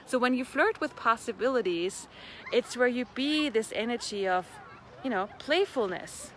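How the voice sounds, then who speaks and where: A woman giving a casual, playful motivational talk as a class facilitator, chatty and quick to laugh. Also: fairly high pitch, lively intonation, fairly bright tone, slight background noise. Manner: playful, chatty, laughs often, repeats clearing phrases. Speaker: facilitator of a personal-development class.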